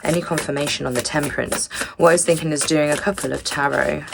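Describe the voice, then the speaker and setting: A woman's voice: low voice, fairly even intonation, quick pace, vocal fry, noisy background. A young woman giving a rambling, earnest tarot reading in a loose, chatty way. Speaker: tarot reader. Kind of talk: casual spiritual tarot reading.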